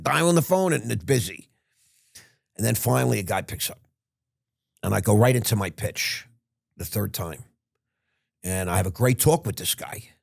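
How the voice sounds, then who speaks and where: An older man tells a long story in a loose, rambling way, often stopping and restarting mid-sentence. His voice is low and husky, with a gravelly edge. The sound is close and dry. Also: no echo. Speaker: podcast guest. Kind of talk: casual storytelling.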